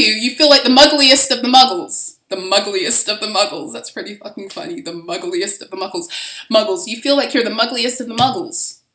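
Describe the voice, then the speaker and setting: A woman's voice: mid-range voice, a bit bright. A woman giving a casual spiritual reading, talking in a rambling, profane way with frequent restarts. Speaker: spiritual reader. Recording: roomy echo.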